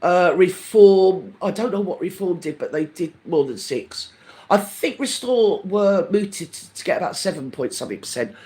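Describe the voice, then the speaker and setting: A man's voice: high-pitched, normal speed. An older man hosting a live stream, chatting to viewers in a camp, gossipy way and calling everyone darling. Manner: lively and animated, swinging up and down. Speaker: livestream host. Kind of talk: casual chat with live viewers.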